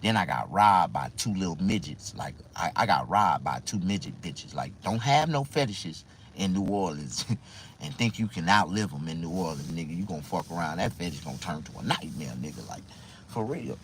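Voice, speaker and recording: A man's voice: deep voice, animated, moderate pace, a little hiss or hum. A man telling a rambling personal story in a casual, profane way, laughing often and repeating himself.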